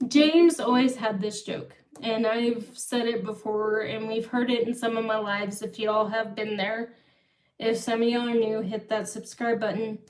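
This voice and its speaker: A young woman hosting a livestream tells a long personal story casually, circling back and repeating herself. Her voice is on the high side, steady, unhurried, and darkish. She's far from the mic in an echoey room.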